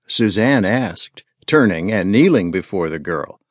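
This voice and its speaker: A man narrating an audiobook with measured, expressive storytelling. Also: low voice, no room sound, studio quality. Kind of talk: scripted narration.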